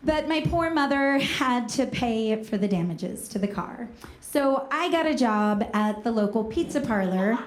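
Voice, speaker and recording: Woman storyteller, bright high voice, self-mocking comic delivery, roomy echo around her. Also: a little slow, a little hiss or hum. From Northern California. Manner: lively, self-mocking, acts out quoted voices. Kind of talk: comedic personal story told on stage.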